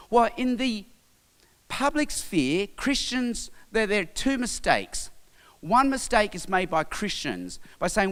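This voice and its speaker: An Australian man with a high, smooth, resonant voice talks emphatically, pausing after each word in his lists. His voice rings out in a large, reverberant hall. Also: a bit bright. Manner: emphatic, listing words with pauses. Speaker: speaker. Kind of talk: sermon-style talk.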